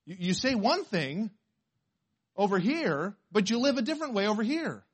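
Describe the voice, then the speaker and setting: A male pastor preaching a sermon, emphatic and full of rhetorical questions, swinging from quiet asides to loud declarations. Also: high-pitched, very animated, moderate pace, breathy edge.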